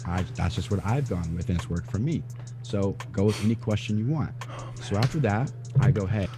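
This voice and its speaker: Man, confident, explanatory dating advice, somewhat low voice, backing music. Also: a little fast, dark tone. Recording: voice over background music.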